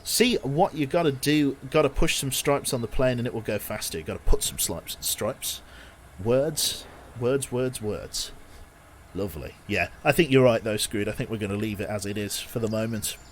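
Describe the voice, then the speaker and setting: A man casually commentating his game on a live stream, thinking out loud and talking to his chat. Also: fairly low pitch, lively intonation, fairly quick, hardly any pauses, a little hiss or hum. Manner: chatty, thinks aloud, talks to chat.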